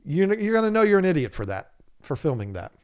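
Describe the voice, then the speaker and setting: Brief: a slightly higher-voiced man hosting a relaxed livestream, animated and laughing as he answers chat. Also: fast, clear, resonant tone. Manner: reads viewers' chat comments aloud and jokes with them; laughs often and talks animatedly. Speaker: livestream host of an aquarium channel.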